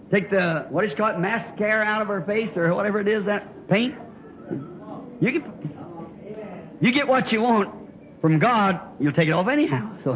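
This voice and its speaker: A male preacher delivering a folksy revival sermon, telling stories and breaking into loud shouts. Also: high-pitched, a little hiss or hum. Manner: folksy storytelling, bursts into shouting. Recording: dull lo-fi old sermon tape.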